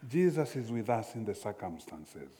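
A man preaching a sermon slowly and emphatically, often repeating phrases. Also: lowish voice, sing-song, dark tone, husky.

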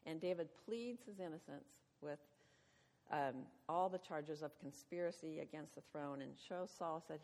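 A woman's voice: low voice, moderate pace, a little mellow. A woman retelling a Bible story to her study group, chatty and humorous, laughing at her own jokes. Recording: long reverb of a hall.

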